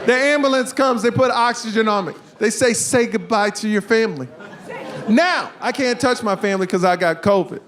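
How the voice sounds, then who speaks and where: A man doing a stand-up comedy set, telling an animated story and acting out the people in it with big jumps in his voice. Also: extremely high pitch, a little fast, few pauses. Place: comedy stage before a live audience. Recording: live stage mic with crowd laughter. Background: audience laughter.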